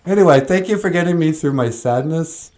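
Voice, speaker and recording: A man's voice: a little high, expressive, a little fast, a little mellow. A man hosting a casual stream, joking, chuckling often and reading out comments. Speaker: host. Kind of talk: casual livestream chat.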